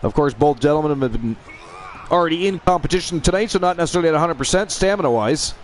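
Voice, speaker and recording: Excitable man calling a wrestling video game. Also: a little high, fast, a little hiss or hum. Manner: excitable, jokey, cheering on his favorite. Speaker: play-by-play commentator. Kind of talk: casual commentary over a wrestling video game.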